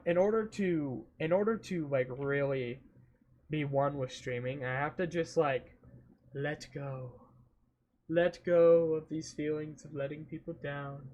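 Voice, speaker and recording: A man chats casually on a livestream, rambling and thinking aloud, trailing off mid-sentence and humming and scatting between thoughts. His voice is fairly high-pitched with a fairly bright tone.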